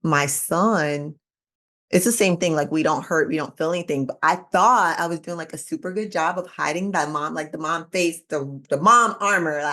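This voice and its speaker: A woman in her thirties hosting a casual interview, telling a personal story in an animated way and acting out what people said. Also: moderate pace. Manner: animated storytelling, acting out quoted lines with big pitch jumps. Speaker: podcast host.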